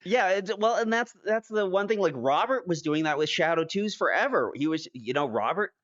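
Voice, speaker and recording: A man hosting a podcast, telling stories in a rambling, animated way with many restarts. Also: sits high, moderate pace, dry recording. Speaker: podcast host. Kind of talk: casual chat. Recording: dry, dull lo-fi podcast audio.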